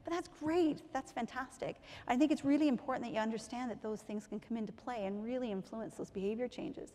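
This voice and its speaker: A woman giving a chatty conference talk on physiotherapy, sometimes acting out what patients say. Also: on the high side. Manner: lively, chatty, acts out patient quotes. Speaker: physiotherapist presenter. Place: large conference hall. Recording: long hall reverb.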